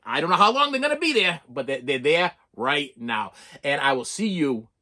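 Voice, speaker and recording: A man's voice: on the high side, sing-song, normal speed, sharp tone. A man chatting casually as a video host and collector, rambling and repeating his words. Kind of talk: casual chat.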